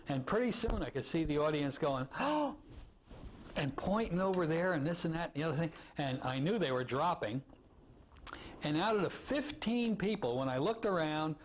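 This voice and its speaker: A man, a hypnosis instructor, telling an anecdote in a teaching talk and acting out the people in it. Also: a little high. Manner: animated storyteller acting out voices.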